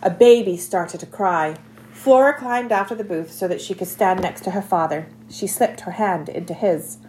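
A woman narrating a children's novel aloud in an expressive, scripted reading. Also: mid-range voice, moderate pace, slight background noise. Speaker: audiobook narrator.

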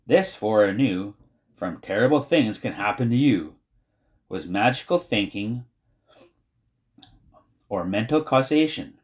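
A man narrating a children's novel as an audiobook, in an expressive, wry way. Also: medium pitch. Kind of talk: storybook narration.

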